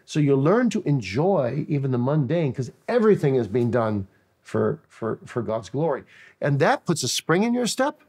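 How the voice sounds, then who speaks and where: A man's voice: mid-range voice, sing-song, moderate pace, darkish tone, breathy edge. Pastor guy answering questions, earnest, lots of restarts, sermon-ish storytelling. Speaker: pastor and interview guest. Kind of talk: preaching-style interview answer.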